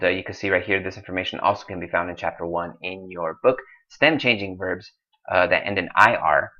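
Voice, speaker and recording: Guy with a really low voice going over spanish verbs, kinda dull lo-fi sound. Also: pushed and bright. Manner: drills verb forms slowly, then explains in a casual, chatty way. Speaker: Spanish teacher. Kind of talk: recorded classroom lesson. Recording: dull lo-fi recording.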